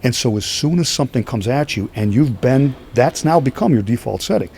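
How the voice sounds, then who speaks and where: A middle-aged man telling stories in a casual podcast chat, animated and checking in with "right?" as he goes. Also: medium pitch, a little fast, vocal fry, a little hiss or hum. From Northeastern US. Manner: animated, repeats "right?" often, acts out quoted voices. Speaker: podcast guest, strength athlete. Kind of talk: casual storytelling conversation.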